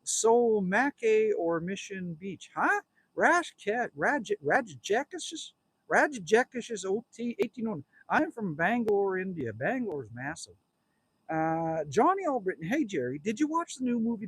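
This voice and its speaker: The voice sits high and sing-song, moving at a moderate pace with a slightly rough quality and no room sound. Its owner, a Canadian man in his fifties, livestreams casually from outdoors at his cabin, rambling, joking with viewers and reading their comments directly to them.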